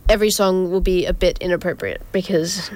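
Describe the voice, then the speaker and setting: A woman's voice: on the low side, steady tone, a little fast, a little mellow. A young woman hosting a casual radio show, chatty and rambling, often giggling and filling gaps with ums. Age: young adult. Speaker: community radio host. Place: radio studio.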